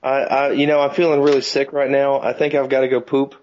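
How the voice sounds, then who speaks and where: A man's voice: mid-range voice, flat delivery, fast talker, darkish tone. A man in a casual chat, clowning around with crude jokes. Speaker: co-host. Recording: dull lo-fi recording.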